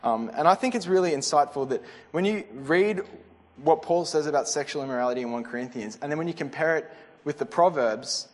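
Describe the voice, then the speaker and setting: Earnest man preaching in a hall. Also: medium pitch. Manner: earnest and conversational, with frequent restarts and asides. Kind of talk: sermon. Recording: reverberant hall.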